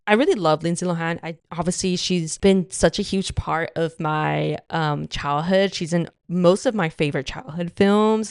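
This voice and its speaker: A woman's voice: fairly low pitch, smooth, no room sound, clean studio sound. A woman in her thirties hosting a casual solo podcast, chatty and gushing, with lots of "like" and "you know.". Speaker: podcast host.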